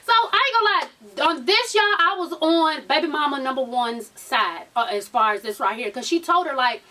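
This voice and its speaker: A woman's voice: high-pitched, lively intonation, normal speed, few pauses, bright, forceful tone, distant mic. A woman with a Southern US accent recapping a reality TV episode in a blunt, profane, sassy manner. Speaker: TV recap vlogger.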